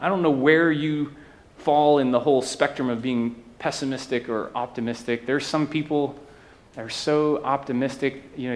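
A man preaching a sermon to his church, talking conversationally and often checking in with the listeners. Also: medium pitch. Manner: conversational preaching with asides and tag questions. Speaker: pastor.

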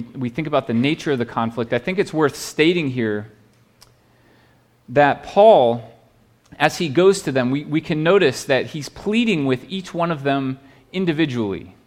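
A man's voice: fairly high pitch, animated, normal speed. A man preaching a sermon as a pastor, earnest and pleading, often restarting his words and checking in with "right?".

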